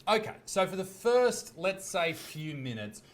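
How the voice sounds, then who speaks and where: A man's voice: high-pitched, big pitch swings, unhurried, shouting, very noisy. A man narrating a commentary video in a sardonic, swearing way. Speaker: comedian in a video being reacted to.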